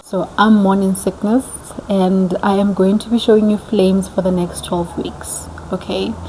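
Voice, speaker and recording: A woman's voice: mid-range voice, level tone, measured pace, a little mellow, a little hiss or hum, lightly acted, low-quality recording. A woman playing morning sickness as a teasing female figure who greets and threatens her. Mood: taunting. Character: sassy personified morning sickness, female, taunting.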